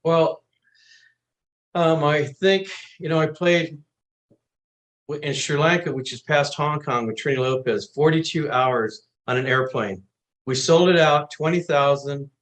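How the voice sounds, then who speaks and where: A man, a singer-songwriter guest, telling animated anecdotes in a casual interview. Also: fairly high pitch, a little slow, poor audio. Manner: animated anecdotes, acts out quotes.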